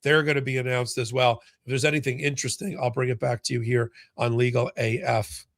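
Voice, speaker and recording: A male host chats casually through a live stream, reading out viewer comments. His voice has a gravelly texture at a middle pitch. The sound is close and dry. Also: level tone, a little fast, a bit bright, dry recording. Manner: conversational, reads viewer comments aloud, many restarts.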